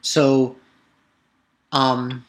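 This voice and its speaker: A man's voice: mid-range voice, little pitch movement, extremely slow. A young man casually recapping a cartoon episode, rambling and swearing, with lots of fillers and restarts. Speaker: anime episode reviewer.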